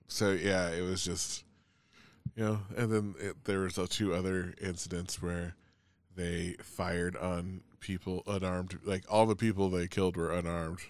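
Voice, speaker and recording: A man's voice: low voice, level tone, measured pace. A man in casual chat, telling a long story in a rambling way, full of "like" and swearing.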